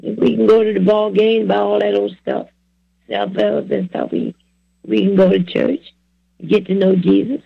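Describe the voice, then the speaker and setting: A man's voice: sits high, level tone, normal speed, creaky, slightly rough, dry recording, lo-fi sound. A man in his seventies giving an earnest testimony sermon, exhorting his listeners in plain, repetitive words.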